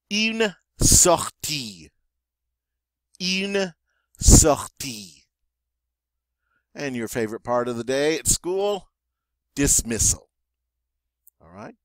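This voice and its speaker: Speaking in a mid-range voice, a male French teacher goes through a vocabulary list in class at an unhurried pace. He repeats every word twice before giving an English explanation and adds the odd dry joke, all recorded dry and close with no room echo.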